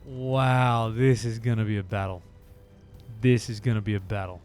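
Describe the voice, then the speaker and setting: A man streaming a motorbike game live, chatting casually with viewers, joking at himself and now and then shouting at the game. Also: on the low side, steady tone, moderate pace, faint music behind. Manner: chatty, self-deprecating, bursts into shouts.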